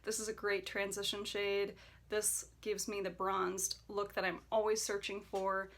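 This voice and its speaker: A young adult woman chatting casually as a beauty vlogger, enthusiastic, with soft whispered asides. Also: mid-range voice, flat delivery, measured pace. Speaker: beauty YouTuber. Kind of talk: casual decluttering vlog.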